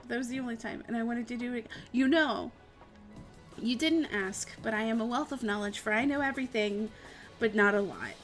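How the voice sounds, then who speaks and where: A woman's voice: on the high side, a little fast, soft background music. A young adult woman streaming live, chatting casually with viewers in a giggly, rambling way and swearing freely. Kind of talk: casual chat while answering viewer questions.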